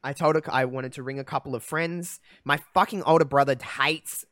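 A man's voice: a little high, steady tone, a bit bright, no room sound, clean studio sound. Candid man telling an emotional story. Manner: candid, emotional, halting with fillers. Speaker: podcast host. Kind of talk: personal storytelling chat.

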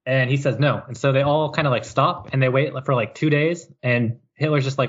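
A man's voice: mid-range voice, fairly even intonation, brisk, hardly any pauses, highs cut off. A man co-hosting a podcast, casually recapping history with jokes and mock quotes. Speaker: podcast co-host. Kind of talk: casual chat.

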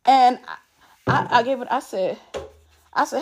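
A woman's voice: a little high, animated, moderate pace, pauses often, a little mellow, husky. A woman telling a personal story straight to the camera in a casual, emphatic way, often restarting and repeating words. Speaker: vlogger.

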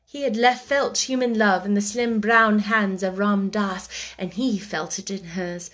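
A woman reading a children's book aloud chapter by chapter, soft and gentle, dropping to a whisper at tense moments. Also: mid-range voice, steady tone, a little slow. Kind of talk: chapter-by-chapter read-aloud storytelling.

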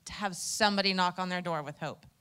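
Woman, 40s, bright tense tone, animated storyteller, group meeting. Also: fairly low pitch, fast talker, smooth. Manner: animated, laughs often while telling. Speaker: campaign volunteer canvasser. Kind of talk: casual storytelling.

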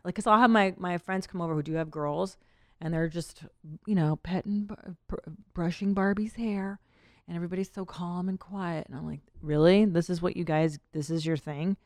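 A woman's voice: lowish voice, normal speed, gravelly, dry recording, clean studio sound. A woman in her thirties hosting a podcast, chatting casually and rambling, laughing often. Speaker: podcast host. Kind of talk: casual chat.

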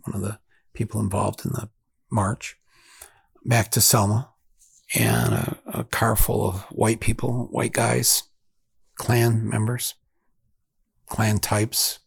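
A man hosts a podcast, telling a story in a reflective, halting manner full of restarts. His voice is low, very husky and gravelly. The sound is dry and close, with no room around it. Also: no room sound. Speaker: podcast host. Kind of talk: storytelling monologue.

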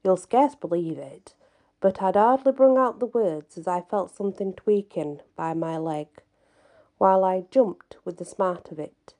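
Slow, mellow woman reading a folk tale. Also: mid-range voice. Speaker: storyteller.

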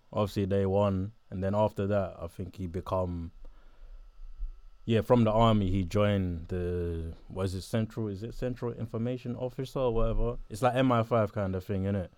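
A young man from southeast London with a South London accent, chatting casually in an interview, laid-back and quick to laugh. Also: on the low side, fairly even intonation, darkish tone, smooth, dry recording. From Botswana, raised in southeast London.

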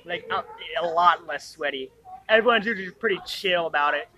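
A high, bright young-sounding man talks with a clear lisp. His chat is loose, profane and full of laughs, like friends hanging out on a gaming podcast. Nothing about it is polished. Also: a little fast.

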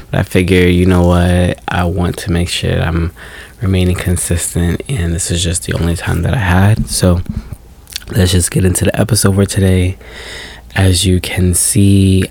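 A man in his twenties speaks in a deep, low-pitched voice that still sounds groggy from just waking up. He hosts a casual solo podcast, musing reflectively and stopping to correct himself as he goes. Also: creaky, a little mellow. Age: 20s. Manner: rambling, reflective, self-correcting. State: groggy morning voice. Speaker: podcast host.

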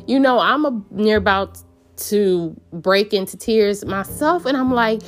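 A woman unhurriedly telling a personal story with earnest reflection. She wanders through her thoughts, restarting sentences and filling pauses, with soft music faintly behind her. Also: mid-range voice, animated. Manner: meandering, earnest, many fillers and restarts.

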